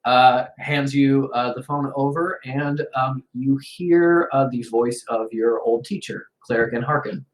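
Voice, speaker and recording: Low-voiced, unhurried woman game master. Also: fairly even intonation, reverberant. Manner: loose, halting, many fillers. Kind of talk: narrating a tabletop game.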